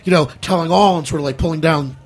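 A man hosts a loose talk show, his voice on the higher side and his speech quick. He jokes and drifts from one story to the next. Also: breathy edge. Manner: joking, digressive storyteller. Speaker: host. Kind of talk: casual chat.

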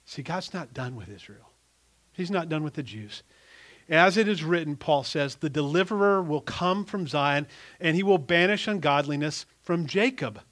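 A middle-aged male pastor preaching a sermon, emphatic and animated, often restarting his sentences. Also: on the high side, moderate pace.

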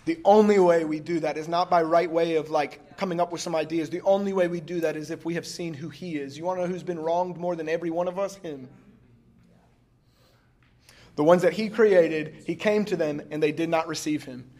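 Laid-back pastor telling a story. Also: male voice, on the high side, fairly even intonation, brisk, a little mellow. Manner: conversational, laughing often, lots of filler "like". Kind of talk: casual sermon with storytelling.

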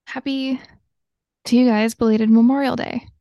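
Woman co-host from Georgia, casual storyteller, gravelly voice, dry close mic. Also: a little high, fairly even intonation, normal speed, warm tone, dry recording. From Georgia, USA. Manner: chatty, laughs often, tells travel stories. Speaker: podcast co-host. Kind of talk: casual chat.

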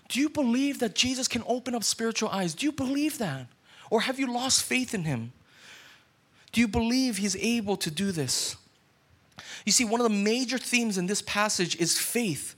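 A man's voice: extremely high pitch, expressive, a little fast, fairly bright tone, slightly rough. A man, a pastor, preaching a sermon in an earnest way and putting questions straight to his listeners.

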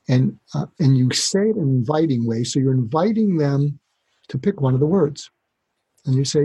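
A man speaking as a doctor guest on a podcast interview, explaining calmly and acting out short exchanges to demonstrate. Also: mid-range voice, normal speed, breathy edge, low-quality recording. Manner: calm, explanatory, demonstrates dialogue.

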